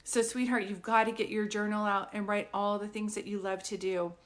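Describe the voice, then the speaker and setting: A woman speaks as a psychic medium in a live online group reading. She talks in a loose, conversational way, full of "like" and quick asides. She keeps pausing to ask whether what she says makes sense. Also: mid-range voice, little pitch movement. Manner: chatty, keeps checking "does this make sense".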